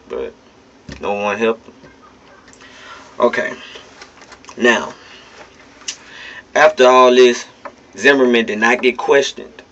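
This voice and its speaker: A man's voice: mid-range voice, a bit bright. A man giving casual, blunt, emphatic spoken commentary straight to his listeners, with some swearing. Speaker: vlogger. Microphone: phone. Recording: dull lo-fi phone recording.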